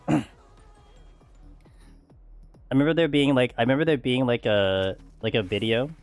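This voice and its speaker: A man's voice: mid-range voice, animated, measured pace, clean tone, no room sound, soft background music. A man streaming a game, chatting casually with friends in a loose, rambling way and laughing often. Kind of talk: casual chat while gaming.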